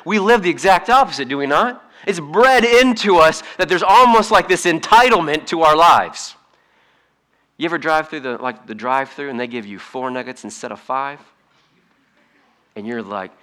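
A man preaching a sermon in a conversational, humorous way, swinging between hushed asides and emphatic points. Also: fairly high pitch, big pitch swings, normal speed. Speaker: pastor.

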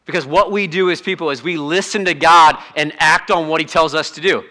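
A man preaching a sermon in a conversational, animated way, acting out quotes and asides to the congregation. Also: fairly high pitch, a little fast, few pauses. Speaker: pastor.

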